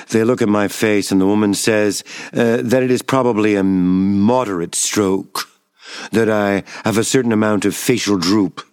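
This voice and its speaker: Guy reading his memoir out loud, lowish voice, wry and measured, dry close sound. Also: clear, resonant tone, no room sound. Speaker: narrator of a personal memoir. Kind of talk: literary first-person reading.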